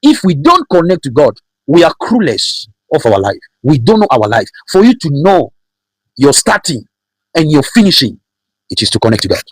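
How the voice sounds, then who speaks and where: A man's voice: on the high side, huge pitch swings, moderate pace, dry recording, low-quality recording. A man preaching a sermon, emphatic and repetitive, driving his points home with rhetorical questions.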